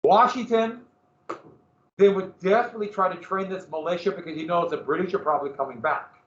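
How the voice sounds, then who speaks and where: A male history teacher lecturing a class in lively storytelling style and throwing questions to the students. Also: high-pitched, fairly quick. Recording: echoey classroom from far off, dull lo-fi.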